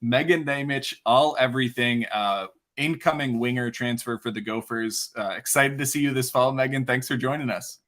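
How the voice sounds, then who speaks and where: A man's voice: medium pitch, fairly bright tone. A man hosting a casual live show, joking and hyping up his guests. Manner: joking, fast, playful hype. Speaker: host. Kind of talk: casual chat.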